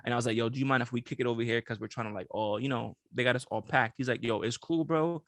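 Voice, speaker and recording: Gravelly young man telling stories. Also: mid-range voice, fast talker, dry recording. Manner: animated, laughs often, lots of slang. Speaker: podcast co-host. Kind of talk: casual chat and storytelling.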